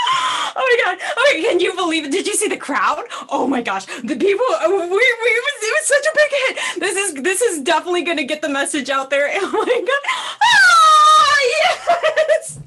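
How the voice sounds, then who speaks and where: A woman's voice: medium pitch, sing-song, slow pace, pauses often, fairly bright tone, exaggerated voice. A woman acting in a student stage play as an emotional, flustered young woman who gushes, laughs and stammers. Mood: overjoyed, tearful. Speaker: student performer.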